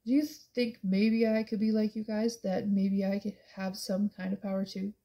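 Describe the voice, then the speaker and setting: A woman's voice: medium pitch, level tone, moderate pace, mellow, lightly acted. A woman reading the part of an eager, curious boy asking hopeful questions.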